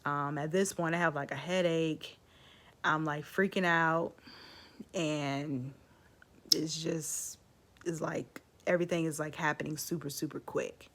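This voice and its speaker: A woman's voice: low-pitched, fairly even intonation, a little slow, a bit bright. A woman vlogger casually telling her own story to the camera, chatty, with lots of "like" and "um".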